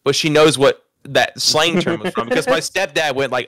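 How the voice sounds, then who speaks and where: A man's voice: a little high, expressive, a little fast, fairly bright tone, no room sound, clean studio sound. A young man telling a rambling, profane story to friends on a podcast, laughing at himself. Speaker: podcast host. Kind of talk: casual storytelling chat.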